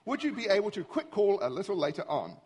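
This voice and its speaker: A man's voice: sits high, big pitch swings, quick pace, a little mellow, husky, heavily acted. A man voicing a female phone voice assistant that reads messages back in a level, mechanical way.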